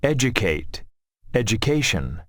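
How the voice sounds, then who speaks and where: A man reads practice words and sentences for a pronunciation lesson, enunciating each one with care. His pitch moves lively across words. The sound is dry and close. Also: measured pace, no room sound. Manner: clear, careful enunciation. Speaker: model reader for pronunciation drills. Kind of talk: pronunciation drill reading.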